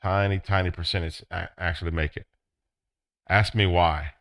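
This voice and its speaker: Animated man lecturing a class. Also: moderate pace, no room sound. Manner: acts out quotes in a high excited voice. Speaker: business instructor.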